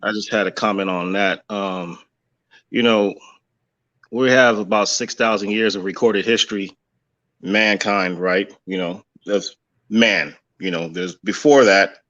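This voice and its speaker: A man with a lowish voice gives loose, rambling religious commentary, leaning on fillers as he thinks. The audio sounds dull and muffled. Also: steady tone, unhurried, fairly bright tone.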